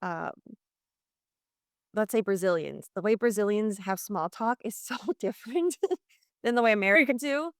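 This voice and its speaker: A woman from New Orleans, Louisiana, talks at a moderate pace with frequent pauses; her mid-range voice is clear and resonant, recorded dry at studio quality. Guesting in a video-call interview as a leadership communication coach, she explains ideas and plays out quoted conversations in lively voices.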